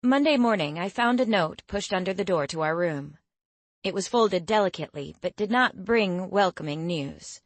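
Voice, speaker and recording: A woman reading a fantasy story aloud in first person, measured and expressive. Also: mid-range voice, no room sound. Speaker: audiobook narrator. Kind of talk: scripted first-person narration.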